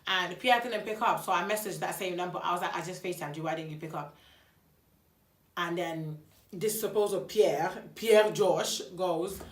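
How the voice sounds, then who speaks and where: A young woman recounts a story in a casual vlog, voicing each side of the conversation. Her voice sits fairly low, and the room adds a noticeable echo. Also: moderate pace. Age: young adult. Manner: chatty, animated retelling with quoted dialogue.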